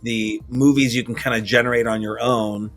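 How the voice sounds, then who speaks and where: A man's voice: mid-range voice, fairly even intonation, moderate pace, a bit bright, soft background music. A man hosting a casual remote interview, chatty and rambling, with many restarts. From Washington state, US. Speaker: interview host. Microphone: remote video call.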